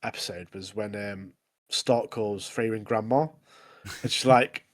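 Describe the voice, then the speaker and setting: A man's voice: fairly low pitch, steady tone, measured pace. A young man co-hosting a podcast, retelling scenes in a rambling, laughing casual chat. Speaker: podcast co-host.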